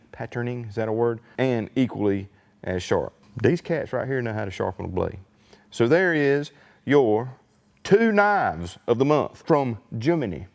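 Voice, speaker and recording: A low-voiced man with a drawl shows off gear in a casual unboxing chat, folksy and excitable. His voice rings with a long, hall-like reverb. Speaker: unboxing video host.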